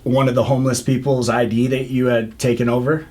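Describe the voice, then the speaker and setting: A male interviewer with a mid-range voice, keeping things relaxed and conversational. He mostly reacts briefly and slips in follow-up questions to keep the guest talking. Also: mid-range voice, brisk. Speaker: interviewer, host. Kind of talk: casual interview chat.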